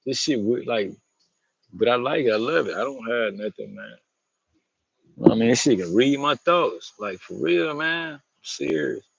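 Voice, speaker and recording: A man's voice: medium pitch, lively intonation, unhurried, vocal fry, slightly rough, dry recording, highs cut off. A man talking to camera outdoors in a loose, rambling monologue, slangy and profane, often laughing. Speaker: vlogger.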